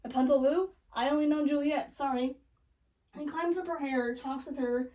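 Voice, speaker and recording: A young woman casually retelling a classic love story as a joke, with sarcastic asides and quick quoted voices. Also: high voice, fairly even intonation, warm tone, far from the mic, poor audio. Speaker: comedic storyteller. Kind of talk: joking retelling of a classic play.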